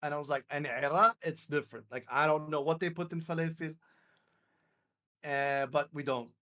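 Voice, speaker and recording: With a voice on the high side, a young Lebanese streamer hosts a live call and tells a casual story, voicing the quotes and swearing freely. His tone is steady, bright and forceful, at a moderate pace.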